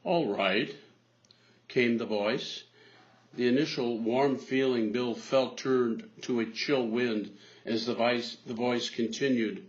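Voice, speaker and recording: Male priest telling a sermon story. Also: mid-range voice. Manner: measured storytelling delivery. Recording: dull lo-fi recording.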